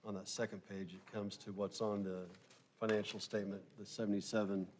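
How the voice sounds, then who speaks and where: Flat-voiced man, dry council member. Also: fairly low pitch, brisk, a little hiss or hum. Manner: dry, self-deprecating, jokes that he is the nerdy accountant. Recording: distant hall reverb.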